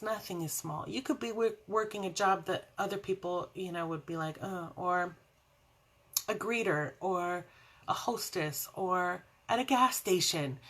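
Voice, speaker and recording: A woman talks to camera at home in a loose, rambling devotional chat, wandering into side stories and laughing often. Her voice sits at an ordinary middle pitch for a woman. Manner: chatty and rambling, with frequent laughs and tangents. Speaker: faith vlogger and show host.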